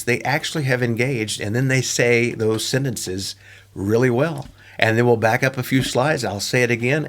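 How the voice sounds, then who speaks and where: A middle-aged man, an online English teacher, sharing classroom tips in a relaxed, chatty way with plenty of fillers and asides. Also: mid-range voice. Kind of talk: casual teaching-tips monologue.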